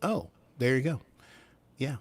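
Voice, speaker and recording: A man co-hosting a casual podcast, walking through a TV episode at a mid-range pitch. He talks with animation and slips into the characters' voices when he quotes them. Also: unhurried, husky, no room sound. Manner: animated, acts out character lines while recapping. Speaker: podcast co-host. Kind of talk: casual recap chat.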